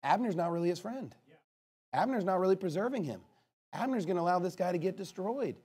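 A man preaching from the pulpit with a high, animated voice that swoops up and down. He is emphatic, pressing his points and rising to loud, forceful passages. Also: fairly quick, husky. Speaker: pastor. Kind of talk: sermon.

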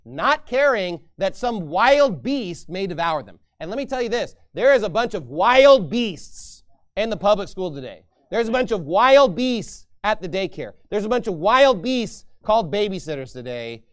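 High-voiced man preaching emphatically. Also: big pitch swings, normal speed. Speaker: pastor. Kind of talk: sermon.

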